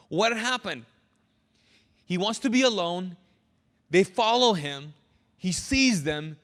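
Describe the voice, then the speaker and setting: A man preaching a sermon as pastor, animated and drawing answers out of his congregation. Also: high voice, a little slow, long pauses, big-room sound. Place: church sanctuary.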